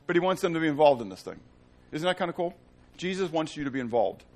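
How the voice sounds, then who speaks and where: A middle-aged man preaching a sermon, asking his congregation questions, swinging between loud emphasis and hushed tones. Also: a little high, very animated, quick pace. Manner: asks the congregation fill-in-the-blank questions. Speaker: pastor.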